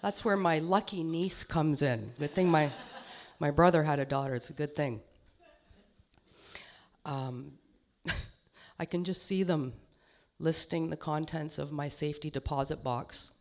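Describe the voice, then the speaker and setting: A woman's voice: low voice, a little slow, long pauses, darkish tone, slight background noise. A middle-aged woman with a lisp doing a self-deprecating stand-up comedy set on stage, laughing at her own jokes. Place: small comedy stage before an audience.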